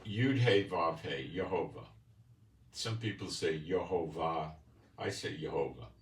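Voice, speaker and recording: A channel host with a New York accent delivers a folksy bible teaching monologue, frequently checking in with his listeners. His low voice is animated but measured in pace. The recording is roomy, from a distant mic, with faint ambience.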